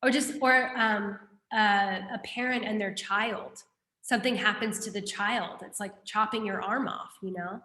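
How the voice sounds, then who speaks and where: A woman teaching a class, explaining a Buddhist text in a lively, conversational way and putting questions to her students. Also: mid-range voice, measured pace, reverberant.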